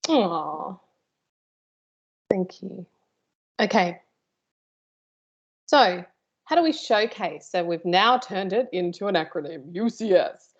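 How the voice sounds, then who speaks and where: A woman's voice: lowish voice, slow, pauses often, muffled recording. A woman teaching a live workshop, chatty and informal, with playful asides to her host. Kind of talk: live online workshop presentation.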